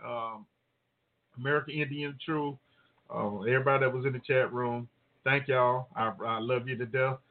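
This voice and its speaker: A male call-in show host wrapping up his episode in a relaxed, chatty way, laughing easily as he thanks his listeners. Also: mid-range voice, normal speed. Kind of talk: casual show sign-off. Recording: tinny phone-line audio.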